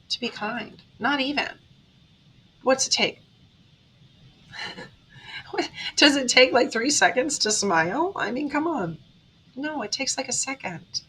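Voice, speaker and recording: A woman's voice: sits high, expressive, slow, long pauses, bright, forceful tone, slight background noise, rough recording. A woman, a tarot reader giving an earnest, emotional motivational monologue straight to her viewers. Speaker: tarot reader and spiritual vlogger.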